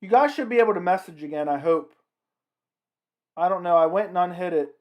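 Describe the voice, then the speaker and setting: A man's voice: high voice, animated, a little fast, highs cut off. A man hosting a casual livestream, commenting on a fight and talking with his chat. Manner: chatty, reacting to the fight and the chat. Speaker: livestream host.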